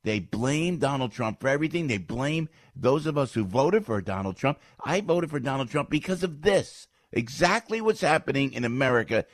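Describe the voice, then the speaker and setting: Middle-aged comedian guy ranting hot, pitch swinging way up and down, dry close sound. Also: lively intonation, moderate pace, hardly any pauses, no echo. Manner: indignant, voice leaps high and loud when riled; repeats phrases, restarts sentences. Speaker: stage comedian. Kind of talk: heated political rant.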